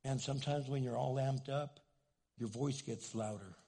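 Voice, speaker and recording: An older man, a pastor preaching a sermon, who talks loud and animated and acts out little quotes. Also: medium pitch, moderate pace, creaky.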